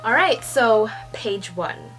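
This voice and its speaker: A woman's voice: fairly high pitch, animated, slow, fairly bright tone, faint music behind. Gushing young woman reading manga aloud. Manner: gushing, swears, laughs often. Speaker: manga reader reacting. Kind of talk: excited read-along reaction.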